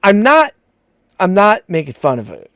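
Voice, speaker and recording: A man with a high, very animated voice rambles through casual live-stream banter, swearing freely and breaking into laughs. The sound is close and dry, with no room around it. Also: normal speed, no echo. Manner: rambling, profane, laughs a lot, mimics accents. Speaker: co-host of a live show.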